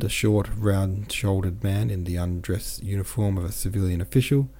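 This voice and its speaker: A man narrating an audiobook in a steady, measured way. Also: low-pitched, slightly rough. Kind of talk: audiobook reading.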